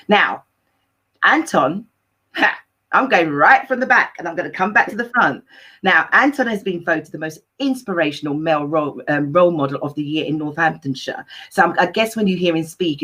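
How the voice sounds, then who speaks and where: A talk show host with a husky, breathy voice, chatting effusively on a live online stream. The delivery rambles and gushes, with a voice that sits in a medium register. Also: medium pitch, sharp tone. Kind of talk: lively live-stream chat.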